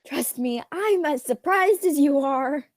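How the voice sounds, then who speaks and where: A woman's voice: high-pitched, lively intonation, unhurried, no room sound, clean studio sound. A young woman playing a flippant teen girl. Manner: flippant, wisecracking. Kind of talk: student radio theatre.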